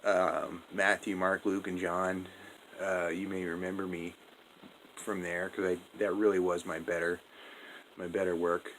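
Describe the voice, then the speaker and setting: A man's voice: low voice, little pitch movement, measured pace, fairly bright tone, a little hiss or hum, low-quality recording. Sex: man. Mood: rambling. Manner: rambling, slangy, full of fillers and swearing. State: drunk. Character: drunk rambling male Jesus, laid-back slacker. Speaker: narrator. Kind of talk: comedic monologue retelling a story.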